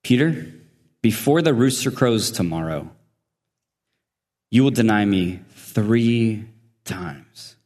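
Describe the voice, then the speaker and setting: A man preaching voices a calm, grave male teacher, speaking low, slow and soft, in a church hall with long reverb.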